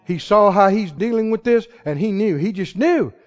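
Casting: high, lively male pastor, shouting rhetorical questions, dull recording. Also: normal speed. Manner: swings from hushed asides to shouted exclamations; fires rhetorical questions at the congregation. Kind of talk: sermon.

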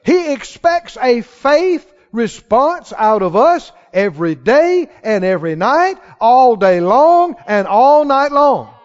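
A man preaching a sermon in a church, acting out the quoted voices of others and rising to shouts of conviction. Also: very high voice, slow pace, few pauses. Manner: animated, acts out quoted voices, rises to shouts. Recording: reverberant hall, dull lo-fi sound.

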